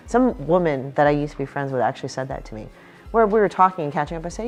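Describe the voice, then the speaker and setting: A woman's voice: deep voice, fast, a little mellow, faint music behind. A woman comic artist chatting casually about her book, blunt and profane, often acting out quotes from people in her stories. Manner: acts out quotes in other voices.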